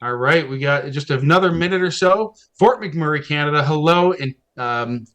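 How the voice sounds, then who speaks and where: A man's voice: fairly high pitch, animated, moderate pace, dull audio. Upbeat fifty-something man hosting a call. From Massachusetts. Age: 50s. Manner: upbeat, rattles off places and shout-outs. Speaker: webinar host. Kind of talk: welcoming attendees on a live video call. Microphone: video call.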